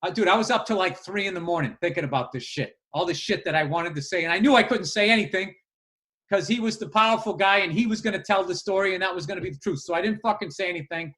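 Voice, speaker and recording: A man with a high, bright voice swaps profane stories on a podcast. He talks loosely and with lots of swearing as he builds a story. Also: fast. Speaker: podcast co-host. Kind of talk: casual comedic storytelling.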